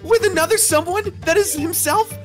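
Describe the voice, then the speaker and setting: Brief: gamer voicing a squeaky, mock-mysterious zebra girl in a goofy game reaction, reading lines. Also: moderate pace, faint music behind. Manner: high put-on voice reading lines in a silly, rambling way. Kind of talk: comedic reading of fan-made game dialogue.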